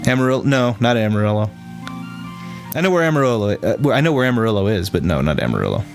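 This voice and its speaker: A man's voice: fairly low pitch, sing-song, quick pace, music in the background. A man from Texas, a streamer rambling and thinking aloud in casual chat with his viewers.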